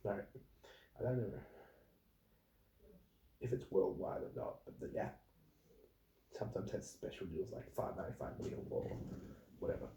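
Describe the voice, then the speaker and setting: Gravelly low-voiced man ranting. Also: normal speed, long pauses, mellow, a little hiss or hum. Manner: blunt, swearing, acts out customers in quotes. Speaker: fast food worker. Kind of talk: casual storytelling rant.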